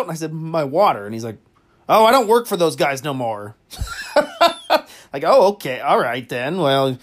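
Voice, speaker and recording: A man hosting a comedy podcast, telling a crude story casually, with lots of fillers and frequent laughter. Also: medium pitch. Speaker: podcast host.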